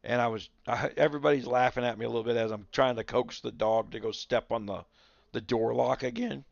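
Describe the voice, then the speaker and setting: A man's voice: mid-range voice, fairly even intonation, a little fast, gravelly, no room sound, muffled recording. A man streaming and casually rambling through a funny story to his viewers. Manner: rambling storyteller, chuckling, talks to his dogs. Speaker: livestreamer.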